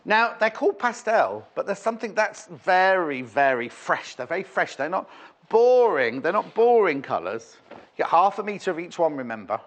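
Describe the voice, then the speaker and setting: Here the presenter's voice sits high and sing-song, at a normal speed. He's selling fabric on a live shopping channel from a TV studio, chatting playfully and rambling between prices.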